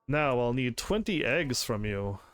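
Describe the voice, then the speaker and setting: A man voicing a gentle, motherly female creature queen, reading her game lines slowly and softly. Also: medium pitch, big pitch swings, faint music behind.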